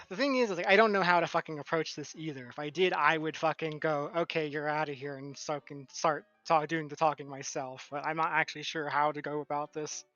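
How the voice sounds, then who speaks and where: Bright forceful voice, dry dull mic, swearing man, from Alabama, player. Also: on the high side, fairly even intonation, a little fast, no room sound, faint music behind. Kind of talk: casual tabletop game chat.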